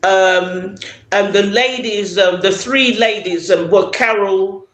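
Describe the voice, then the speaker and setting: A woman singer as an interview guest, reminiscing in casual chat and pausing often with fillers. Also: mid-range voice. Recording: roomy echo.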